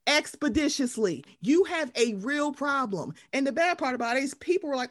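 Woman co-host, high and very lively voice, profane, fiery storyteller. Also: normal speed, few pauses, no echo, clean studio sound. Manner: profane, animated, acts out quoted voices. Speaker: podcast co-host. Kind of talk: casual reality-TV recap chat.

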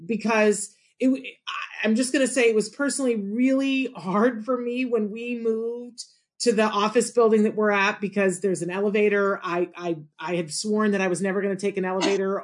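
A woman's voice: mid-range voice, a little hiss or hum. A woman colleague telling a playful, self-deprecating story in conversation. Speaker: colleague at headquarters. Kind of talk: chatty anecdotal conversation.

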